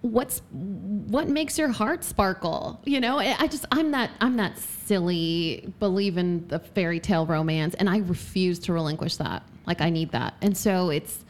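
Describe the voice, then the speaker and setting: A woman's voice: lowish voice, moderate pace, hardly any pauses. A woman guest on a dating podcast, chatting casually and laughing often in a bubbly way. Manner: giggly, bubbly, lots of laughter.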